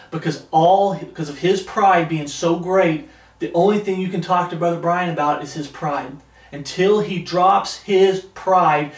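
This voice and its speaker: Preaching in a fairly high male voice, this man draws out scripture verses for emphasis, then remarks on them bluntly. He seems a bit distant from the microphone, in a room with a roomy echo.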